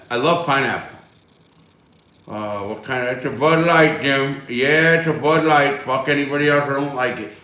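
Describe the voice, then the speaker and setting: A man's voice: medium pitch, pushed and bright, roomy sound. A man hosting a casual live stream from home, reading viewer chat and answering in a blunt, rambling way with heavy swearing. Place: at home, smoking a cigar.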